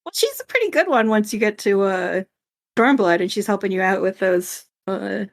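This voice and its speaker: A woman co-hosting a casual game podcast, talking in an animated way. She drops swear words freely and laughs often as she chats. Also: mid-range voice, normal speed, creaky. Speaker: podcast co-host. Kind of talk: casual chat.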